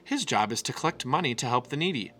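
A man's voice: mid-range voice, lively intonation, fast talker, sharp tone, soft background music. A man doing a patient papa bear. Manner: patient, explaining. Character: kindly father bear.

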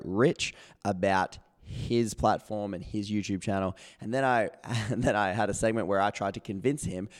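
A man hosting his podcast with a hoarse voice, chatty and self-mocking. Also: fairly low pitch. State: hoarse, voice not working properly. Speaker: podcast host. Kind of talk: casual solo podcast intro.

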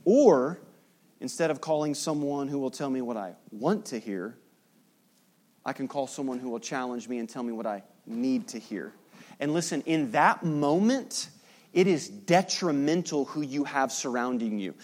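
A middle-aged pastor preaching a sermon, acting out the people he quotes. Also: moderate pace. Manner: animated preaching, acting out quotes with big jumps in pitch.

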